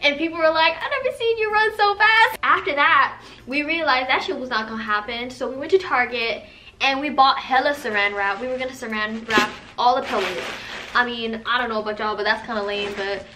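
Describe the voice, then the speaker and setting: A young woman vlogger telling stories to camera in a sassy, animated way, swearing freely. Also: a little high, a little fast, noisy background. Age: young adult. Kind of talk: casual storytelling to camera.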